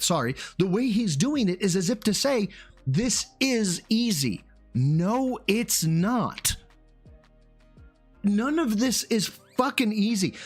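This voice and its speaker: Animated, swearing male stream host. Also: sits high. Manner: ranting, profane, animated. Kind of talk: live reaction commentary.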